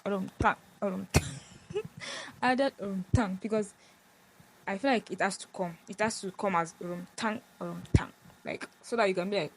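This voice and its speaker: A woman's voice: mid-range voice, normal speed. A woman vlogger talking casually and giggling a lot, with many fillers, and acting out lines as she reads them. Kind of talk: casual chat, reading lyrics aloud.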